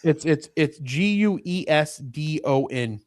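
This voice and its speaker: A man with a fairly high voice hosts a casual livestreamed chat show. He rambles from point to point and restarts his sentences often. He keeps up an easygoing, off-the-cuff flow. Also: animated, slow pace. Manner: rambling, many restarts and asides. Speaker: podcast co-host.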